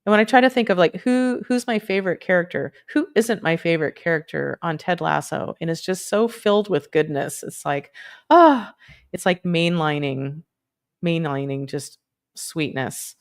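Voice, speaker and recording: A woman's voice: on the low side, moderate pace. A woman hosting a casual livestream, chatting in a rambling, playful way with lots of fillers and asides. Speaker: livestream host.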